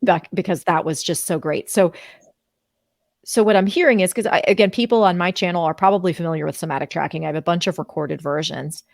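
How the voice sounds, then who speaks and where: A woman host of an interview show who reacts effusively and warmly to what her guest says, in a casual chat. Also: fairly low pitch, fast talker, creaky, no room sound, studio quality.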